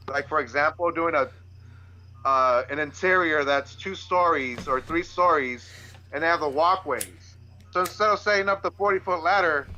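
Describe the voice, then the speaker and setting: Casting: a very bright, slightly high-voiced man, a podcast guest who explains in halting, casual speech. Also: highs cut off. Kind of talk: casual chat.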